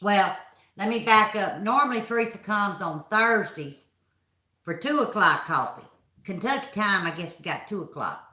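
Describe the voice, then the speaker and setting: A chatty woman hosts a casual live stream from her home, calling out viewers by name in a folksy way. Her voice is bright and forward, and the room rings with echo. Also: mid-range voice, lively intonation, moderate pace. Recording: echoey room.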